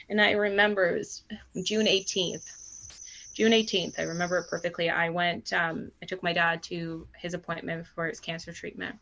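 A woman in her thirties, a TV news host, telling a personal story candidly as a podcast guest, halting and restarting often. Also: fairly low pitch, little pitch movement, fairly bright tone, highs cut off. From Canada.

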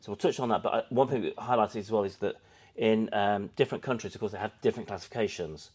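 A man co-hosting a casual podcast, talking quickly and agreeing often. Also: fairly low pitch, darkish tone. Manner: quick, agreeable, many affirmations. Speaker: podcast co-host. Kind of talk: casual chat.

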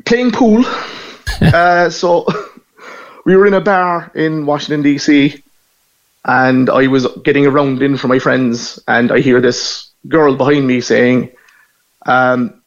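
A man's voice: medium pitch, fairly even intonation, slow pace. Middle-aged cork irish guy chatting, dull lo-fi line, easy storytelling. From Ireland. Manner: chatty, laughs while telling stories. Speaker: guest. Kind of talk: casual phone interview.

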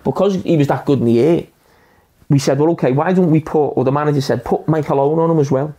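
A man's voice: on the high side, quick pace, mellow. A man, a former centre-back, recounting a match story in a matter-of-fact, self-deprecating way. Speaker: former footballer. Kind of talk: storytelling anecdote.

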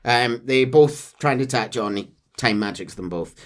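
A man's voice: mid-range voice, normal speed. A man casually recapping a game's story as a podcast host, with lots of hedging. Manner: animated, laughing, hedging with "sort of".

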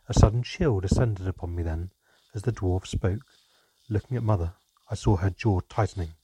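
Male audiobook narrator, mellow and husky, steady fantasy reading. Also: fairly low pitch, moderate pace, dry recording.

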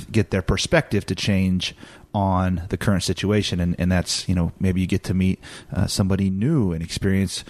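A man in his thirties calmly talking through how he handled his son's sadness, with frequent restarts. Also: sits low, dry recording. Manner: calm, reflective, many restarts. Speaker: podcast co-host, father. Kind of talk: casual chat.

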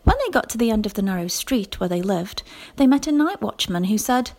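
A woman teacher reading a children's story aloud, lively and expressive. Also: mid-range voice, a little fast. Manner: lively expressive reading with whispered character lines.

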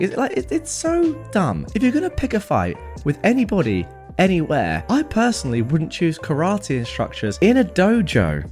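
A man hosting a storytime podcast, reading a story aloud in an expressive, animated way. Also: high-pitched, moderate pace, soft background music.

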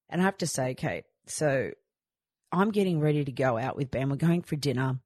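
Brief: female podcast host, low voice, chatty storyteller, dry close sound. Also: a little fast, darkish tone, no echo. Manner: chatty, storytelling, rambling asides. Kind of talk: casual chat.

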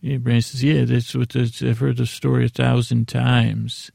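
Gravelly low-key man recapping a show. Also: level tone, unhurried, warm tone, dry recording, clean studio sound. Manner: rambling, paraphrases scenes loosely with fillers. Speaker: podcast host recapping an episode. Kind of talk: casual episode recap.

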